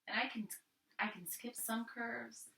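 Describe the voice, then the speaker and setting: A woman leads a gentle art lesson, praising small details and coaxing young students along as she works. Her voice is bright and clear. It is heard from a little way off the mic, in a roomy, echoing space. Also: fairly high pitch, steady tone, a little slow, recorded from a distance. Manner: gentle, encouraging, thinks aloud while drawing. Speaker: art teacher. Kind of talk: friendly step-by-step art lesson.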